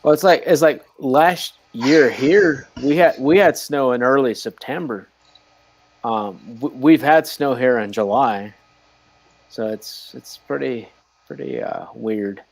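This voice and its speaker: Brief: hesitant male guest, gravelly voice, mid pitch, halting casual talk. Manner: hesitant, repeats words, laughs easily. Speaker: guest, aquarium shop owner. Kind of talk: casual chat.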